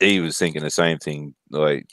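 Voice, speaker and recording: Australian man, very low voice, profane, storytelling, dry sound. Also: fairly even intonation, normal speed, a bit bright, dry recording. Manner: profane, laughing anecdotes. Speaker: streamer. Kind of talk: casual storytelling.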